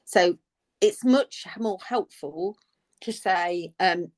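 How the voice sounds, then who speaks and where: A woman's voice: fairly low pitch, takes it slowly. A middle-aged woman, a nurse co-hosting an advice podcast, chatting casually and acting out the phrases she quotes. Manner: animated storyteller, acts out quoted phrases.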